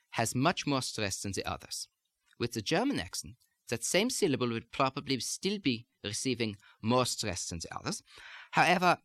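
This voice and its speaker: A dialect coach, a man, talks through an accent lesson in a put-on German accent. His pitch moves lively around a mid-level voice, and the recording is close and dry. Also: no echo. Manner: precise, explanatory teaching delivery.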